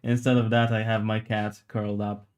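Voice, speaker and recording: Low, flat-voiced man chatting casually. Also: moderate pace, clear, resonant tone. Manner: rambling, joking, reads chat aloud; swears casually. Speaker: livestreamer sculpting while chatting. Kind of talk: casual chat with live viewers.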